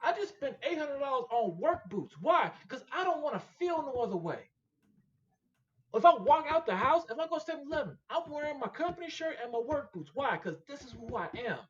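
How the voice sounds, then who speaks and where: A man's voice: very high-pitched, a little fast. Guy on a shop podcast, pumped up and repeating himself, voice jumps all over, kinda muffled audio. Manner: emphatic, animated and repetitive, preaching-like. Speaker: podcast guest, machine shop owner. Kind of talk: casual podcast interview.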